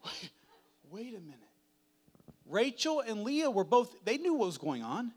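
A man preaching a sermon in a dramatic, chatty way, swinging from hushed to loud. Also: very high-pitched, very animated, unhurried. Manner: conversational, uses "like" often.

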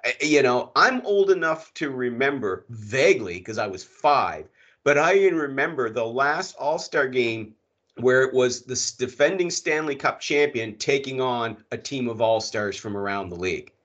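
A man's voice: mid-range voice, animated, moderate pace, a bit bright. A middle-aged man co-hosting a casual hockey podcast, ranting with lots of swearing and emphatic repetition. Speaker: podcast co-host. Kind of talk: casual sports chat. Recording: muffled lo-fi sound.

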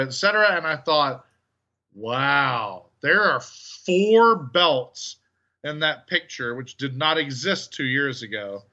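A man's voice: on the high side, pushed and bright. An English man co-hosting a podcast, chatting casually with rambling asides. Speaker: podcast co-host. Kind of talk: casual chat. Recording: dull lo-fi audio.

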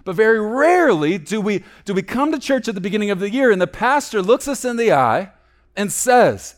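A man preaching a sermon as a pastor, swinging between loud emphasis and hushed low asides. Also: sing-song, brisk.

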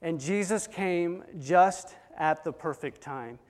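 A fairly high-voiced man preaching a sermon, telling the story with dramatic swings from hushed to loud. His voice rings with long reverb, as if in a large hall. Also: takes it slowly. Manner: dramatic retelling with swings between soft and loud.

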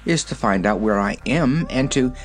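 A man's voice: mid-range voice, expressive, normal speed, soft background music, natural voice. A man voicing an earnest, lost young girl in a storybook, eager and impatient.

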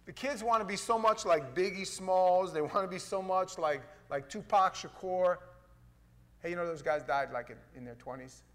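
A middle-aged man, a pastor, preaching a sermon in a folksy, playful way that swings from loud to hushed. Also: sits high, moderate pace.

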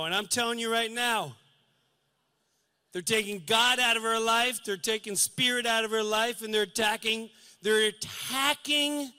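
A male comedian on a live stage does stand-up, telling a story with earnest, preachy passion and acting out scenes with sudden shouts. His voice is high-pitched.

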